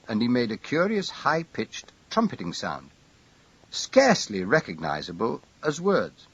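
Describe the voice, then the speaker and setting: Man with husky, expressive storytelling voice. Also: medium pitch, normal speed, no echo, muffled recording. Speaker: audiobook narrator. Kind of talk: scripted narration.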